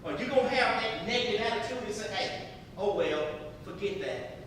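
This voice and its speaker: A man's voice: high-pitched, lively intonation, brisk. A man voicing a stern, determined mother of twelve in a spoken story, talking firmly and emphatically. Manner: firm, emphatic, loud. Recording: echoey hall from far off with noise.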